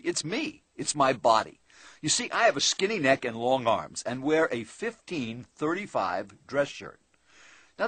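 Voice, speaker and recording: A sales trainer telling a seminar story in a chatty manner, talking straight to the listener. His slightly high voice is a little husky and moves through a lively range. The sound is dry and close. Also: dry recording. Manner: conversational, addresses listener directly, asks tag questions.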